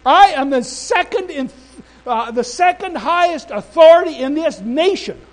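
A man's voice: extremely high pitch, expressive, normal speed, voice pushed up, poor audio. A man voicing an angry, imperious female immigration minister who gives commands with heavy emphasis. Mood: indignant.

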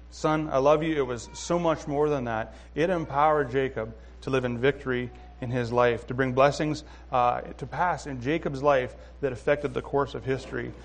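A man giving an informal sermon, talking conversationally with fillers and restarts and often checking in with listeners. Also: mid-range voice. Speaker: preacher.

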